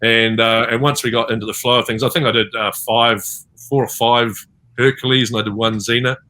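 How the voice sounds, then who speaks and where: A man's voice: mid-range voice, steady tone, a little fast, sharp tone. A man with a New Zealand accent, a voice actor telling rambling stories with many fillers in a panel interview over a video call. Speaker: voice actor guest.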